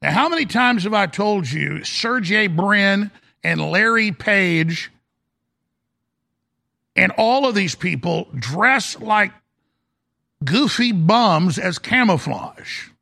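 A male talk show host rants in a sarcastic, combative monologue. His voice sits high and gravelly, with a bright, forceful edge. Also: animated, slow pace, pauses often.

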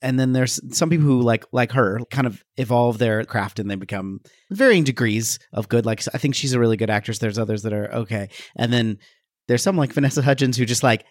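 A man's voice: mid-range voice, fairly quick, no echo, studio quality. A man co-hosting a podcast, chatting casually about a movie in a rambling, hesitant way with wry complaints. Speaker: podcast co-host. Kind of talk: casual movie review chat.

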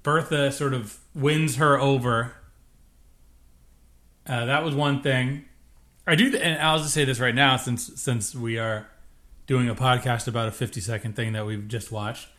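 A man co-hosting a podcast, talking casually in a relaxed, rambling way with many hesitations. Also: medium pitch, a little slow. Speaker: podcast co-host. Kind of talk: casual chat.

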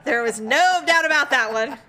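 A woman chats casually in a high voice with a lively, swooping pitch. She answers with short reactions and playful quips. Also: normal speed, a crowd in the background. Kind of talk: casual chat.

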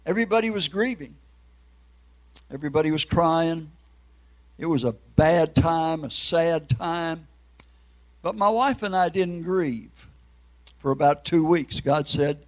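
A man's voice: fairly high pitch, measured pace, pauses often, rough recording. An older man, an evangelist preacher, giving an emotional testimony sermon and breaking into tears.

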